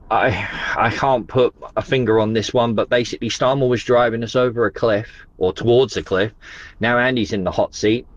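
A man's voice: mid-range voice, dry recording, highs cut off. A man leaving a wry, conversational voice note for a radio phone-in. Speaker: caller.

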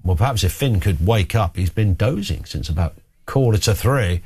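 Lively chatty radio host. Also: male voice, on the low side, moderate pace, breathy edge. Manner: chatty, jokey, lively storytelling. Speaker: radio talk show host. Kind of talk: phone-in radio chat.

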